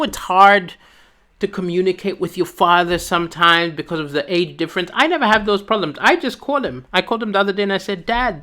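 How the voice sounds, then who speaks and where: A woman from Malawi performs a stand-up set from her home. She tells her stories in a quick, animated way, with frequent asides. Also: mid-range voice. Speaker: stand-up comedian. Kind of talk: stand-up comedy. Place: at home, alone.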